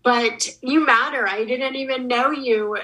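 Female podcast guest, slow and earnest, bright tone. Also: high voice, poor audio. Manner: slow, earnest and encouraging, with many "um"s. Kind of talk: casual podcast interview.

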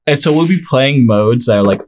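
A man's voice: mid-range voice, lively intonation, a little fast, darkish tone, a little hiss or hum. A young man hosting a casual podcast, telling rambling, joking stories with friends. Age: young adult. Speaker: podcast host. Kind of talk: casual chat.

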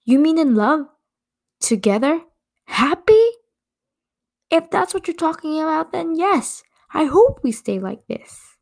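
A woman reading aloud as a young man caught in a heated argument, pushing back indignantly and pitched high with strain. The voice has a gravelly, mellow grain and rises loud. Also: very animated, slow pace, pauses often, heavily acted. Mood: heated, defensive. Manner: indignant, raising his voice.

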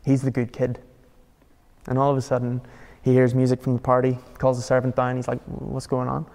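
A man's voice: mid-range voice, monotone, fairly quick, darkish tone, big-room sound. A man preaching a sermon in a conversational, emphatic way, asking his listeners rhetorical questions. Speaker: pastor.

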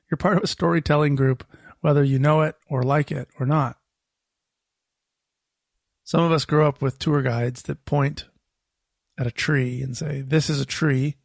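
A man's voice: fairly high pitch, a little slow, gravelly, pauses often, dry recording, clean studio sound. A man hosting a podcast, telling a reflective monologue in a conversational way, laughing now and then. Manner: conversational, laughs often, lively shifts in emphasis. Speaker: podcast host.

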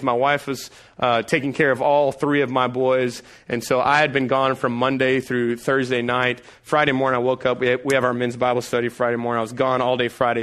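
Give me a male pastor preaching with animated, story-driven energy. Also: medium pitch. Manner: animated storytelling, acts out voices. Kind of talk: sermon.

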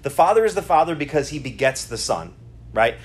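Husky-voiced middle-aged male pastor. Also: mid-range voice, very animated, a little fast. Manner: chatty, keeps checking in with the congregation. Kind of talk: conversational sermon. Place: church service.

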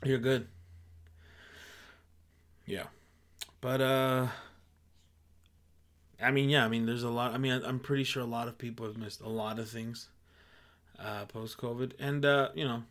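A man's voice: medium pitch, fairly even intonation, unhurried, long pauses, a bit bright. A man in a casual comedic rant, exasperated, peppering his talk with "dude" and "like" and switching between English and Spanish.

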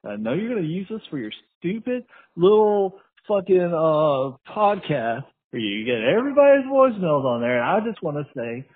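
A man leaves a casual voicemail, cursing and mocking as he goes. His voice is high, husky and swings up and down. It comes through a thin, tinny phone line. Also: big pitch swings, moderate pace. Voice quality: swearing, mocking. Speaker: voicemail caller.

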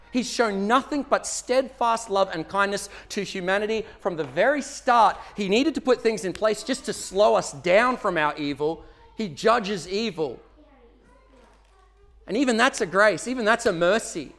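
Earnest high-voiced male pastor preaching. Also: expressive, normal speed, a bit bright. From Australia. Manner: earnest, conversational preaching with rising emphasis. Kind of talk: sermon. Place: church.

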